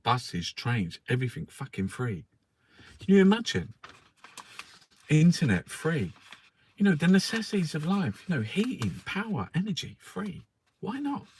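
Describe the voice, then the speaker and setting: A man's voice: on the high side, fairly bright tone, husky. A man who reviews the newspapers in an angry, profane political rant. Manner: angry, profane, swears constantly.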